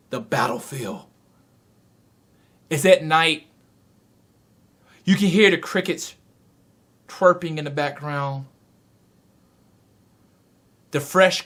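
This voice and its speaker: High-voiced excitable manga reviewer man. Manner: animated storytelling, excitable. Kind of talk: dramatic recap and review.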